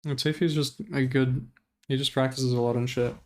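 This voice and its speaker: Man, streamer, smooth clear voice, casual profane commentary, exasperated rant. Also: medium pitch, moderate pace. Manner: animated, profane, exasperated ranting.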